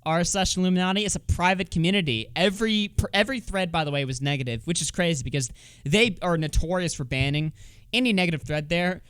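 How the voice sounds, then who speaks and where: A man's voice: on the high side, fast, a bit bright, clear, resonant tone, dry recording, clean studio sound. A man doing casual livestream commentary, swearing freely and sarcastic, reading comments aloud. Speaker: streamer.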